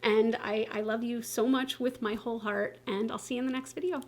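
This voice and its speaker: A woman in her thirties chats to her viewers as a beauty vlogger, her voice sitting a little high. She talks in a loose, animated way, full of casual fillers and playful asides. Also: fairly quick. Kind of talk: casual chat to camera.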